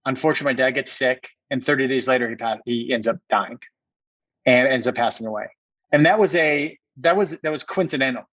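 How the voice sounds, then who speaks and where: A man's voice: medium pitch, a little fast, a bit bright, no room sound, highs cut off. A man, a company co-founder, telling a personal story as a podcast guest, earnest and repeating words for emphasis.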